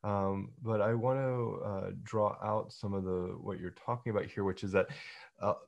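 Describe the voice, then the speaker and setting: A man interviewing a guest on a podcast. His voice is very deep, with a gravelly fry running through it. He speaks in a measured, hesitant way, pausing on fillers. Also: fairly even intonation, a little mellow, dull audio. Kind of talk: interview questions.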